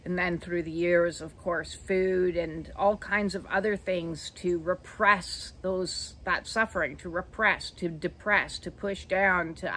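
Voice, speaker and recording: A woman in her fifties hosting her own channel, telling her life story in a slow, reflective way with many hesitant "uh" fillers. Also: fairly low pitch, steady tone, fairly bright tone. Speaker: channel host. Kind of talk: personal storytelling monologue.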